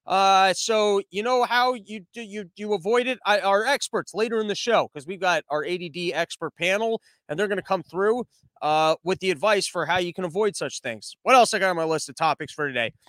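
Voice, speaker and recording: High-voiced sarcastic male podcast host. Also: brisk, a bit bright, no room sound. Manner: sarcastic, rambling, tangent-prone. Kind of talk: comedic monologue.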